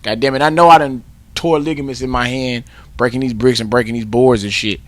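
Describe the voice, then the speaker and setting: A man co-hosting a podcast, telling a story in casual chat, profane and boisterous, breaking into shouted yells. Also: medium pitch, steady tone, brisk. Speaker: podcast co-host.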